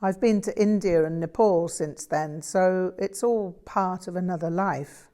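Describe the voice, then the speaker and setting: A woman's voice: lowish voice, unhurried, mellow, natural voice. A woman reading a modest young Englishman. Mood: reflective.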